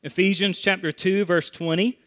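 High-voiced male preacher. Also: steady tone, normal speed, fairly bright tone. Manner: earnest teaching with frequent repetitions and restarts. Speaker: pastor. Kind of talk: sermon.

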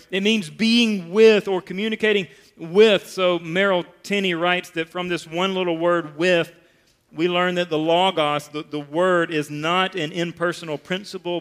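A man preaching a sermon as pastor, emphatic, repeating phrases and dropping to a soft, low voice on key words.

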